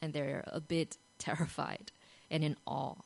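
A woman giving a devotional talk. She tells the story animatedly, often asks "right?", and moves from soft, hushed passages to loud, excited ones. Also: deep voice, unhurried, vocal fry, low-quality recording. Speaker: Christian devotional speaker.

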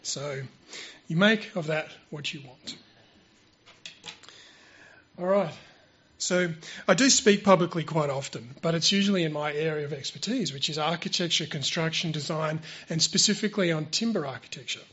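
A man's voice: on the high side, normal speed, bright, forceful tone, slightly rough, muffled recording. Hesitant man speaking at church. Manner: informal, hesitant with fillers and restarts. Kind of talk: church presentation. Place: church hall. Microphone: handheld microphone held close.

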